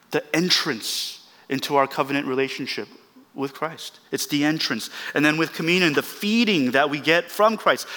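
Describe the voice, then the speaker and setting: A male pastor delivers an earnest, emphatic sermon in a bright, forceful voice. He stacks repeated phrases for emphasis. His words ring out with a long reverb through the church hall. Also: a little high.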